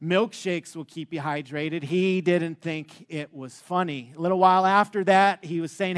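High-voiced middle-aged male preacher. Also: fairly even intonation, moderate pace, hardly any pauses, clear, resonant tone. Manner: humorous storytelling with frequent fillers. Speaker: pastor. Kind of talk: sermon.

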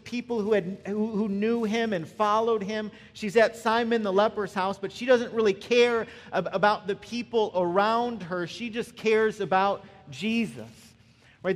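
A male pastor giving a conversational sermon, often checking in with the listeners with a quick "right?". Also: high-pitched, in a large hall. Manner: conversational, frequent "right?" asides.

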